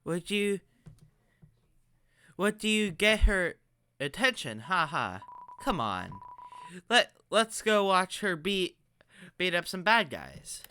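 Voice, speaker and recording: A woman voicing an excitable young monster boy for a game, in a low drawl that slides into a mock French accent. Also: slow, pauses often, slight background noise, full character voice. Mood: excited. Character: excitable young boy monster kid, a hero-worshipping fan.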